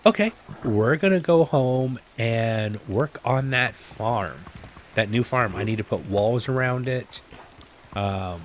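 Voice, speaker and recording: A man's voice: mid-range voice, lively intonation, takes it slowly, a little hiss or hum. A man casually commenting as he plays a video game, chatty and self-mocking, with rambling asides, talking into a desk microphone. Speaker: gameplay video host. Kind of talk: casual let's-play commentary.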